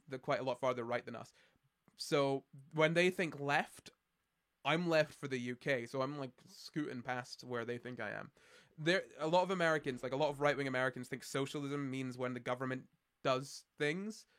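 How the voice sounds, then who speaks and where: With a medium pitch, a bit of brightness and normal speed, a Scottish streamer with a Scottish accent chats casually with his audience. His answers ramble and carry a sardonic edge, and he restarts often and uses plenty of fillers.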